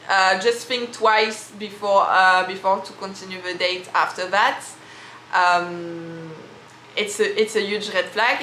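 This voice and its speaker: Bright-voiced French woman, echoey room. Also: medium pitch, slight background noise. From France. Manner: hesitant, many fillers and restarts. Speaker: vlogger. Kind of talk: casual how-to vlog.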